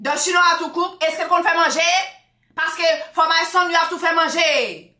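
A woman's voice: very high-pitched, fairly quick, pushed and bright, reverberant, voice pushed up. A woman voicing a strict middle-aged Haitian mother with a Haitian Creole accent, interrogating and demanding.

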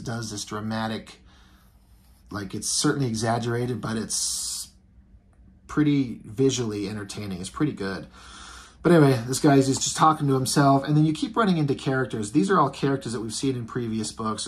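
A man talks through a comic book in a loose, casual review. He rambles, restarts and fills gaps with ums. His voice sits at an ordinary middle pitch. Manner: rambling, filler-heavy.

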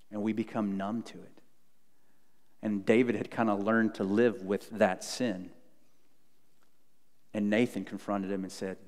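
A male pastor preaching a sermon, earnest, moving between loud emphasis and hushed low tones. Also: in a large hall. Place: church sanctuary.

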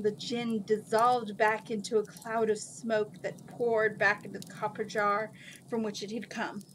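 A woman reading a fantasy novel aloud, narrating at a steady storytelling pace. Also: medium pitch, a little hiss or hum.

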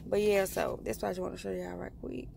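A woman's voice: mid-range voice, little pitch movement, fast, gravelly. A mother, chatting casually to her viewers in a vlog and calling them y'all. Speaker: vlogger, mother. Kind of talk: casual vlog talk to camera. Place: in a car, then at home. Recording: noisy car and street background.

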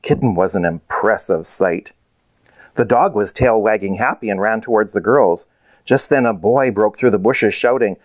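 A man, the author, reading his children's storybook aloud in a measured, clear way. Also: lowish voice, no room sound.

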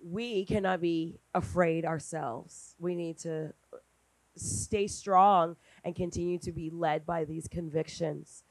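A middle-aged woman speaking on a panel at a brunch event, talking in a lively conversational way and acting out quoted dialogue. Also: slow pace, no room sound. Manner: animated, acts out quoted dialogue with big pitch jumps.

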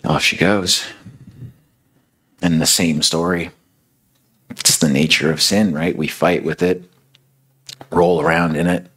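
A man's voice: low voice, steady tone, slow pace, pauses often, a bit bright, breathy edge. A young man preaching a sermon in a conversational storytelling way, filling his speech with "you know" and "like".

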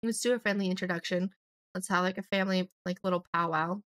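A young woman, slightly hoarse, chatting and rambling through a let's play of a life-sim game. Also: on the low side, steady tone, quick pace, fairly bright tone, dry recording, studio quality. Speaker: gaming YouTuber.

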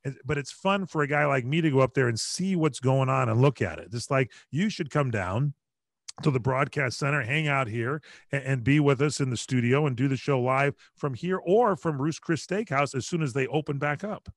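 Middle-aged male broadcaster, animated storyteller, medium pitch, dry video-call audio. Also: no room sound. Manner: lively, chatty, quick to joke. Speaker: radio broadcaster, guest.

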